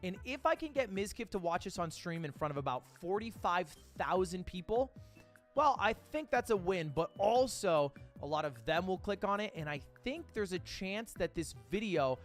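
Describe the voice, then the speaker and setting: A man's voice: sits high, expressive, normal speed, soft background music. A man narrating his own vlog, upbeat and confident with a self-deprecating edge. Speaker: YouTuber.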